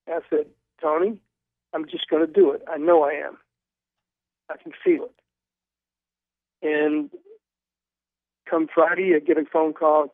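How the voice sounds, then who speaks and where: An older man calls in as a guest, spinning animated anecdotes and tripping over his own restarts. His voice sits a little high, and it comes through a narrow, tinny phone line with no room sound. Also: normal speed, long pauses, dry recording. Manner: animated storyteller, stumbling restarts. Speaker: guest author. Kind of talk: storytelling in a phone interview. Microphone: telephone.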